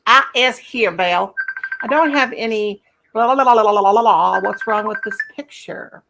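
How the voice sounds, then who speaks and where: A woman's voice: medium pitch, moderate pace, creaky, music in the background, low-quality recording. A middle-aged woman with a Southern US accent hosts a casual crochet livestream, playful and chatty, humming nonsense syllables. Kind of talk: casual live chat.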